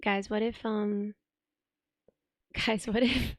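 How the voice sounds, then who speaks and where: A young woman with a sick voice, chatting on a live stream, thinking aloud as she tinkers and thanking viewers with excitement. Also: mid-range voice, slow pace, dry recording, studio quality. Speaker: livestreamer. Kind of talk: casual live stream chat. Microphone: desk streaming microphone.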